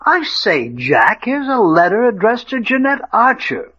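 A proper gentleman. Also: high voice, very animated, a little slow, husky, full character voice. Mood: clipped. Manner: clipped, polite upper-class phrasing. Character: clipped, proper English gentleman adventurer. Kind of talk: 1940s radio acting. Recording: muffled old radio recording.

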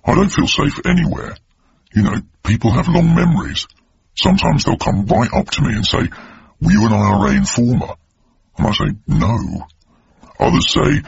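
An actor playing a weary, complaining man whose gravelly voice sounds distorted, in a comedy sketch. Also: medium pitch, lo-fi sound, a little hiss or hum. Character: aggrieved man with a strange gravelly voice.

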